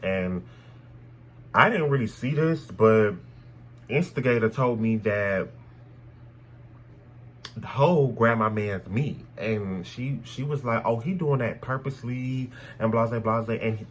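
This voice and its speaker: A young man telling a personal story in a casual, animated way, blunt and full of swearing. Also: lowish voice, slow pace, pauses often, slight background noise, poor audio. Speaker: storytime vlogger.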